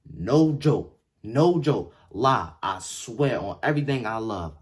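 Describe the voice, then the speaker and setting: A young man telling a story in a casual, slangy way, swinging from yelled quotes to low mutters. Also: sing-song, measured pace, husky. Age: young adult. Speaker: vlogger. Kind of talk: animated storytime.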